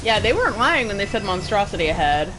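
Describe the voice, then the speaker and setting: A young woman streaming a game, chatting and gushing excitedly as she plays and reacts. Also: medium pitch, fast talker, noisy background. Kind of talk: live gameplay commentary. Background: game music.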